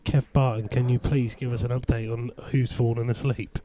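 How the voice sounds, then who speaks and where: A man on casual pool commentary, teasing his co-host in a confiding, hushed way. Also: medium pitch, level tone, normal speed, background noise.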